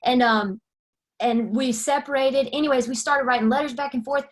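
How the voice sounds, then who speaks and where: Gal telling her life story straight, kinda high voice, acts out the conversations. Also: normal speed. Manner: candid, animated storytelling with quoted dialogue. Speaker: guest sharing her testimony. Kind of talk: personal testimony.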